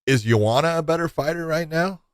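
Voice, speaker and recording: A man co-hosting a sports podcast in casual chat, telling animated stories and laughing at himself. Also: on the high side, fairly quick, dry recording, studio quality. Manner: animated storyteller, acts out quotes. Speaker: podcast co-host.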